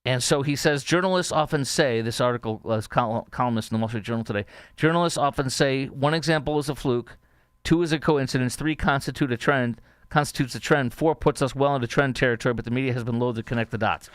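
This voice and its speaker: A man's voice: mid-range voice, clear, resonant tone, no room sound, studio quality. Sarcastic, mocking male talk host. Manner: sarcastic, mocking, halting with many fillers. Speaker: political talk show host. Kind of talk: opinionated commentary.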